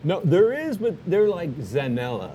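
A man's voice: high voice, huge pitch swings, moderate pace, warm tone, highs cut off, a little hiss or hum. A man on a motorcycle trip chatting casually, rambling and laid-back with many fillers. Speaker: motorcycle traveler. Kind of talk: casual chat.

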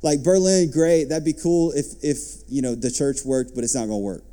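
A man as pastor, preaching a sermon and reading scripture, lifting his voice and dropping to soft asides. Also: mid-range voice, normal speed.

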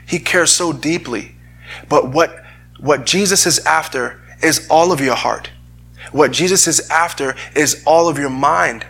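Male pastor, husky and bright-toned, earnest sermon delivery with frequent restarts. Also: on the high side. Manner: earnest, repeats words while searching for phrasing. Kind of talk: sermon with scripture reading.

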